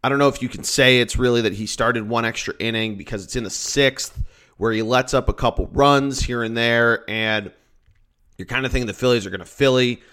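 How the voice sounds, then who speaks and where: A man's voice: mid-range voice, a little fast, a bit bright, clean tone. Male solo podcast host, casual, upbeat, joking, rambly. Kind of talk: solo sports podcast chat.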